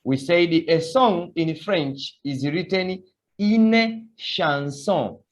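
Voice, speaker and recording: A man's voice: a little high, very slow. A man teaching a beginner language lesson, patiently repeating words for students to echo. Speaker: French teacher.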